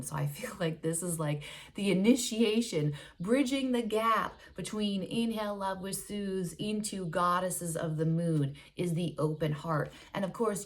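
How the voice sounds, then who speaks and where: Woman, low voice, spiritual vlog, oracle card reading, earnest, gushing, drawn-out words, soft whispers. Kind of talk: casual spiritual vlog talk.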